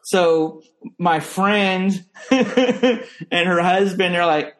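Young guy from norcal rambling through stories, does silly high voices for other people. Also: very slow. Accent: American. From Northern California. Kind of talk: casual chat.

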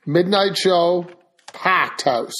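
Blunt, teasing man with a high voice. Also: extremely slow, fairly bright tone. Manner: blunt, teasing, dry storyteller. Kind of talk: casual chat.

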